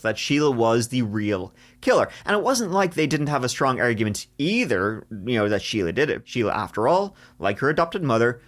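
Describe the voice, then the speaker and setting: A man hosting a true crime podcast, telling the story in a lively way with jokes along the way. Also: medium pitch. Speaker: podcast host.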